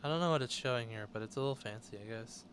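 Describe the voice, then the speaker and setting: A man's voice: mid-range voice, racing, fairly bright tone, a little hiss or hum. A man hosting a show, reading news articles aloud and breaking in with blunt, sarcastic comments. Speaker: host.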